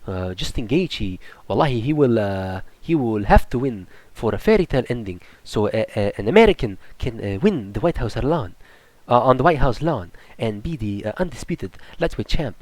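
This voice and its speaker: A man putting on the voice of a scheming male fight manager, talking low and hushed with many hesitant fillers. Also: lively intonation, normal speed, dry recording, close to an everyday voice. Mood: conspiratorial.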